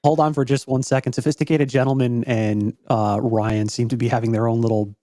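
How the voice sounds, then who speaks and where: A man co-hosting a podcast, relaxed and hesitant, who also keeps an eye on the live chat. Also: medium pitch, fairly quick, no room sound, studio quality.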